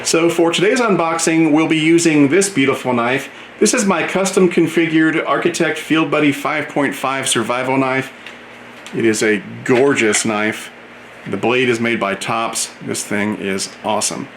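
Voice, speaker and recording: A man's voice: medium pitch, moderate pace, fairly bright tone. A man hosting a model train channel, chatting enthusiastically as he unboxes a product and describes each item he shows. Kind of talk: casual unboxing commentary. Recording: roomy echo, faint background hum.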